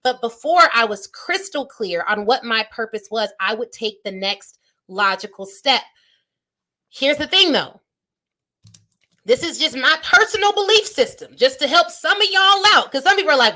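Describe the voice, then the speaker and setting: A woman's voice: high voice, big pitch swings, moderate pace, bright, forceful tone. A woman in her thirties hosting a live-stream motivational talk, speaking emphatically and straight to her viewers in a preacher-like way. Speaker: business coach and show host. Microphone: phone or webcam on a live stream.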